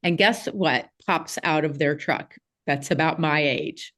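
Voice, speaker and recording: A woman, a podcast guest telling a childhood story in a casual, animated way with frequent laughs and fillers. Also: deep voice, a little slow. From Southeast Missouri, USA.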